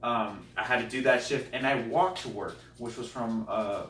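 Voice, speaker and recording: A man, a comedian guest, telling a personal story in an animated, self-deprecating way. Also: medium pitch, normal speed. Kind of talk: comic storytelling. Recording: roomy, distant mic, faint noise.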